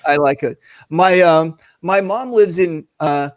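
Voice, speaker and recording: A joking, rambling man hosts a casual chat over a video call, his voice sitting a bit high. The sound is close and dry, with no room around it. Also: slow, no room sound. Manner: joking, rambling, many fillers. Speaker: host.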